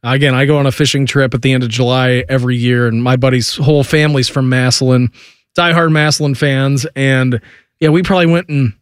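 A man's voice: medium pitch, steady tone, a little fast, clear, resonant tone, no echo, clean studio sound. A man hosting a sports radio show, chatting casually and laughing through his stories.

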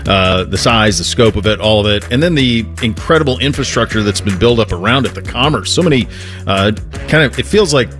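A man's voice: medium pitch, fairly bright tone. A middle-aged man hosting a sports talk radio show, telling a story in a chatty way full of fillers. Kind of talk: casual radio chat.

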